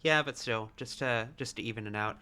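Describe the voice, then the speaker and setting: A man's voice: mid-range voice, fairly quick, pushed and bright, clean tone. A man chatting casually with friends during a game stream, laughing often and swearing freely. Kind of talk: casual gaming chat with friends.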